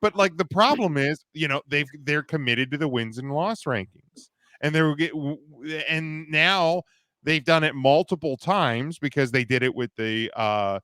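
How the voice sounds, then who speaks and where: A man's voice: on the high side, normal speed, sharp tone, smooth, no echo. A man co-hosting a casual podcast, talking in rambling, opinionated runs full of restarts. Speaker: podcast co-host. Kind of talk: casual wrestling podcast chat.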